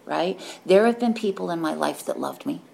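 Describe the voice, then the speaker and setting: A woman's voice: fairly low pitch, animated, moderate pace, gravelly, mellow. A woman giving a candid, rambling personal testimony at a recovery meeting, often tagging on "right?" and correcting herself mid-sentence. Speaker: speaker sharing recovery story.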